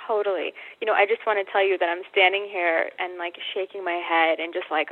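A woman's voice: lowish voice, flat delivery, brisk, hardly any pauses, no room sound. A woman guest author telling a personal story candidly, acting out her own inner voice. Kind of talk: casual storytelling. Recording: dry phone-like line.

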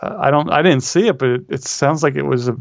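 Mid-pitched man, dry lo-fi podcast sound. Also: quick pace, creaky, no echo. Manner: hesitant, restarts, questioning. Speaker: podcast co-host. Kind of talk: casual film chat.

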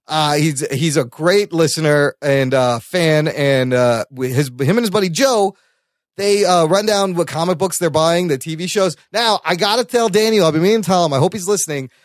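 A man co-hosting a podcast in casual chat. He is chatty and animated, laughs often and swears casually. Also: on the high side, moderate pace, no echo, clean studio sound. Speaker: podcast co-host.

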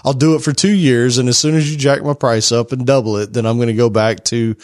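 A man in the middle pitch range co-hosting a podcast, talking in a loose, chatty way and laughing easily. The sound is dry and close, with no room around it. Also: fairly even intonation, a little fast, a little mellow, no echo. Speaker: podcast co-host. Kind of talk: casual chat.

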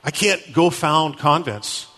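A man giving an animated storytelling talk at a Catholic conference, acting out the people he quotes. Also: on the high side, slow pace. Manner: animated, acts out quotes with shifting voices. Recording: echoey hall.

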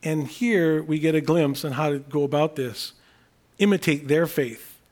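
A man's voice: a little high, a little mellow. Earnest man preaching a sermon. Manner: earnest, thinking aloud with frequent restarts; repeats key words slowly for emphasis. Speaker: pastor.

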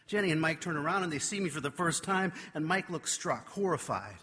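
A man delivers a storytelling sermon in a slightly husky, bright voice pitched a little high. He carries the tale with animated, self-mocking energy. His words ring with a long echo through a large church hall. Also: moderate pace. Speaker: preacher.

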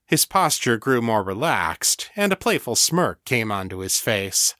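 A man reading an audiobook aloud in calm, measured scripted narration. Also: mid-range voice, no room sound, clean studio sound.

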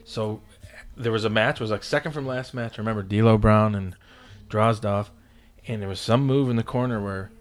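A man in his fifties telling stories as a podcast guest, rambling and swearing casually. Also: on the low side. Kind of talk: casual storytelling in a podcast interview.

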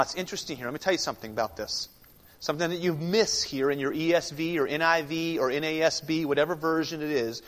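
A man preaching a sermon as pastor, emphatic, swinging from loud declarations to hushed, intense passages, in a church sanctuary. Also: fairly high pitch. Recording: long reverb of a large sanctuary.

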